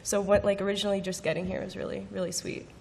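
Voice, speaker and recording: A woman's voice: mid-range voice, level tone, fast, creaky, darkish tone, a little hiss or hum. A young woman on a convention panel, telling a heartfelt, amazed story. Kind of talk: panel talk. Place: convention stage.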